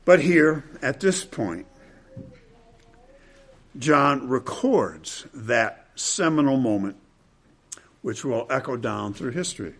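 A man preaching an expository sermon, repeating key phrases and swinging between loud, emphatic peaks and hushed, low passages. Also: animated, slow pace, pauses often.

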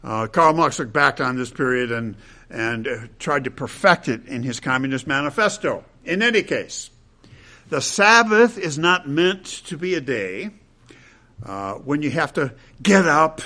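A man's voice: fairly high pitch, lively intonation, a little slow, pushed and bright. A man preaching a sermon in a conversational way, dropping asides and checking in with his listeners.

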